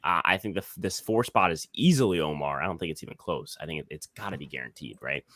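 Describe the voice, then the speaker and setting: A man's voice: sits low, lively intonation, fast talker, fairly bright tone, dry recording. A young man hosting a casual podcast, rambling with frequent restarts and repeated words. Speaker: podcast host.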